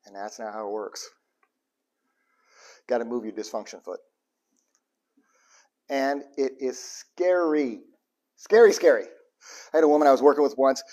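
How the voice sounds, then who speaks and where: A man preaching a sermon in a casual, joking style, swinging between loud emphatic bursts and quiet low asides. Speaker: pastor.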